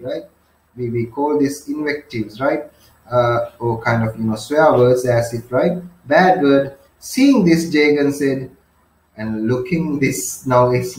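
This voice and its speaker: A man's voice: mid-range voice, echoey room, rough recording. A man teaching a novel in a lecture, paraphrasing it, defining words and often checking in with 'right?'.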